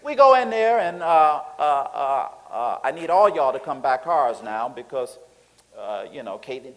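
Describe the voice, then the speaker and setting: A man preaching a sermon, animated and colloquial, telling stories to the congregation. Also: mid-range voice, unhurried, rough recording.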